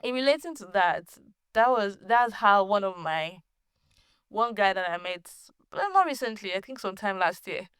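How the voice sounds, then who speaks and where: A woman hosting her own podcast, telling a personal story in a casual, animated way, laughing often and restarting sentences. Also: mid-range voice, moderate pace, smooth, no echo, clean studio sound. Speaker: podcast host.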